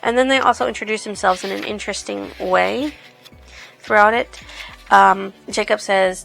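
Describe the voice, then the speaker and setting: A woman's voice: medium pitch, moderate pace, vocal fry, a bit bright, faint music behind. A woman casually reviewing a book, retelling the plot in a rambling way. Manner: rambling, lots of "she's like".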